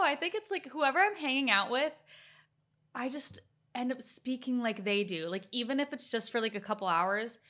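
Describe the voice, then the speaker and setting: A young American woman, a daughter co-hosting a podcast, chats casually in a fairly high, slightly bright voice. She's talkative, fills her sentences with "like," and laughs easily as she goes.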